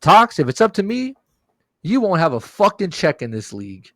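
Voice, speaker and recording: A man's voice: high voice, sing-song, normal speed, fairly bright tone, no room sound, clean studio sound, pitched above the performer's own voice. A man imitating an angry, short-tempered male team boss who barks threats. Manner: barking, threatening.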